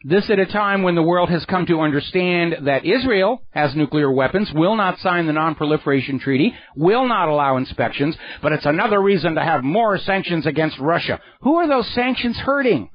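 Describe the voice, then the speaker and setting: A man's voice: on the high side, expressive, moderate pace, few pauses, no room sound. A man hosting a radio talk show, delivering a sarcastic, indignant political monologue into a studio microphone. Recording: dry, slightly dull radio studio sound.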